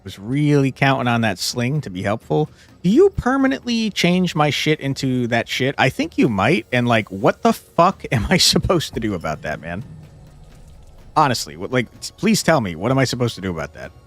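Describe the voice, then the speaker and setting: A young man provides live gameplay commentary while streaming a card game, his medium-pitched voice sing-song and a bit bright at normal speed, with soft music behind. He talks to chat between moves, curses a lot, and vents at tough fights through frustrated outbursts and laughs.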